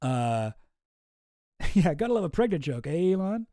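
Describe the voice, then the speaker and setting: A man's voice: fairly high pitch, sing-song, measured pace, mellow, no room sound, studio quality. A man hosting a live stream, chatting casually and rambling with lots of swearing and restarts. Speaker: streamer host.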